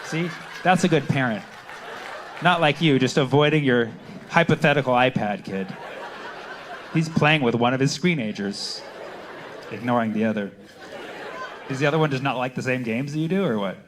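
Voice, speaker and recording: A man's voice: medium pitch, background noise. A male stand-up comedian doing a mocking set with crowd work, talking to the audience from a club stage. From Arab heritage. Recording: echoey club, distant mic. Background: audience laughter.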